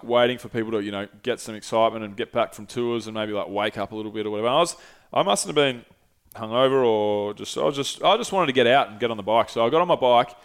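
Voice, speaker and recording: Young male podcaster, smooth clear voice, rambling and sweary storytelling. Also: medium pitch. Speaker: podcast host. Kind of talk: casual solo storytelling.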